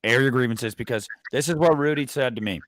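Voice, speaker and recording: A man's voice: mid-range voice, a little fast, a bit bright, no room sound. A man hosting a livestream in casual chat, rambling with many fillers and restarts. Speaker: livestream host.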